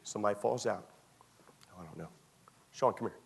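A man's voice: lowish voice, fairly quick, gravelly, husky. A male pastor preaching a sermon to young people in a church, retelling a story in a conversational way, repeating phrases and acting out small scenes. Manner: repetitive, conversational, acts out scenes.

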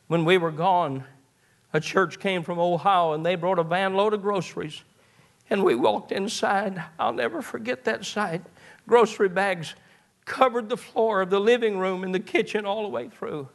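Folksy preacher, higher voice. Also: male voice, moderate pace, vocal fry. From eastern Kentucky. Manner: folksy storytelling with repeated stammered starts. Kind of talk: sermon.

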